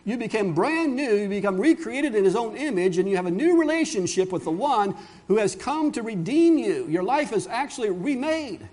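A man's voice: high voice, animated, moderate pace, darkish tone. A middle-aged male pastor preaching a sermon in an earnest, conversational way, with asides and restarts.

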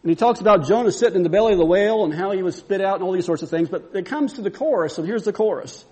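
A man's voice: high-pitched, very fast, darkish tone. A man preaching a sermon, telling a story and building to fervent, repeated exclamations.

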